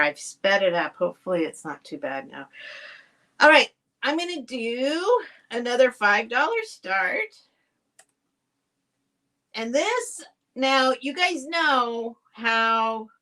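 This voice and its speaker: With a mid-range voice that is bright and forceful, she hosts a live sale of vintage things from her home setup. She speaks casually and directly to viewers, rambling and restarting her sentences.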